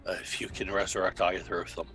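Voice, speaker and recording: A man's voice: low voice, flat delivery, fast talker, sharp tone, faint music behind. A man playing a tabletop game, plainly stating what his character does. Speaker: player.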